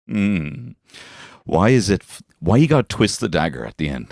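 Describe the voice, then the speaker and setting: A low-voiced Irish man in his thirties, rambling through a comic monologue while stoned. His pitch leaps around expressively, and he swears and laughs at his own jokes. The sound is dry and close. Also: big pitch swings, unhurried, gravelly, a little mellow, no echo. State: high on weed. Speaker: comedian podcast host. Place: garden shed.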